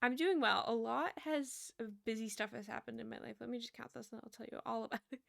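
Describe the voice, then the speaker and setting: Young woman, casual stream chat, giggly, trails off, vocal fry. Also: on the high side, steady tone, fast. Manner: chatty and giggly, trailing off mid-sentence. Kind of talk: casual livestream chat while gaming.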